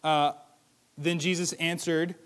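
Animated man preaching a sermon. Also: fairly high pitch, slow pace, clear, resonant tone. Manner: animated, conversational, rhetorical questions, jumps between loud and hushed. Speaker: pastor.

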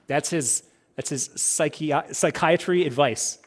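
Conversational preaching man, slightly high voice. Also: lively intonation, normal speed. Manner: conversational, acts out quoted dialogue; uses many rhetorical questions. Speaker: pastor. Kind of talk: sermon.

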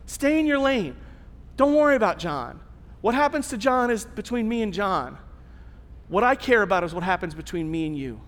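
A man voicing a calm, firm male teacher who speaks bluntly and casually, lower and quieter, with a long hall reverb. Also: normal speed.

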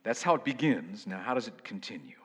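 A man preaching a sermon as pastor, earnest, rising to loud emphasis and dropping to hushed whispers. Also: fairly low pitch, sing-song, brisk, breathy edge. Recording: long hall reverb.

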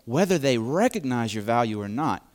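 A man preaching a sermon, speaking deliberately and repeating key phrases for emphasis. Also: mid-range voice, very animated, a little mellow.

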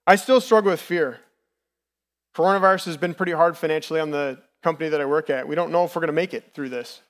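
A man's voice: a little high, fast. A man in his thirties preaching a sermon in a candid, personal, conversational way as a lay preacher. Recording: long reverb from the hall.

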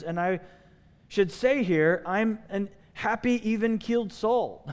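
A male pastor preaching a sermon, telling stories with lively voicing of the people he quotes. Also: high voice, measured pace, pauses often. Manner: animated storytelling, acting out quoted voices. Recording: long hall reverb.

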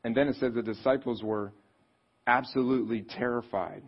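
A man preaching a sermon in a conversational, animated way, reading scripture and acting out quotes. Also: mid-range voice, moderate pace, slightly rough. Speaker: pastor. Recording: slightly dull, lo-fi sound.

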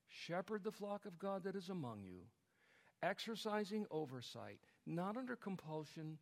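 A man preaching a sermon to his congregation, building to emphatic, forceful passages. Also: high voice, big pitch swings, moderate pace, vocal fry. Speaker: pastor. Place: church sanctuary. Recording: church hall with long reverb.

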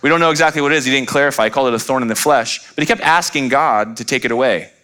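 Emphatic pastor with a bright, forceful voice. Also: male voice, medium pitch, very fast, clear, resonant tone. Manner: emphatic, rhetorical questions, acts out voices. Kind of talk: sermon.

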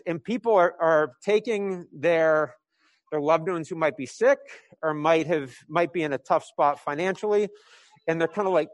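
A man's voice: on the high side, no room sound. A man from New England preaching conversationally, painting a scripture story like a film scene with many fillers and restarts. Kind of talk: sermon told as a vivid imagined film scene.

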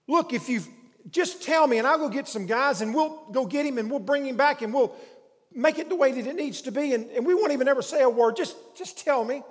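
A man's voice: extremely high pitch, fairly quick, pitched above the performer's own voice. A man voicing a grieving woman who urgently pleads to be told where a body was taken. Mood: pleading. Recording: long hall reverb.

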